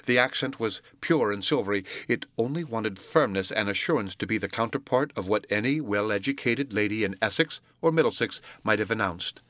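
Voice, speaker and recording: A man reading a classic novel aloud as an audiobook narrator, in a measured, deliberate way. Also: fairly low pitch, a bit bright, no echo. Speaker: audiobook reader.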